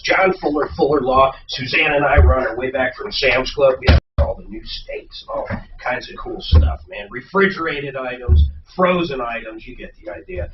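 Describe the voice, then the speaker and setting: A man reading a sponsor spot in a radio studio, telling a lively story with strong emphasis. He sits well away from the mic, so the room echoes around him. The sound is dull, with clear background noise. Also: mid-range voice. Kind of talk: off-air studio chat and ad read. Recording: roomy, distant mic, dull, noisy.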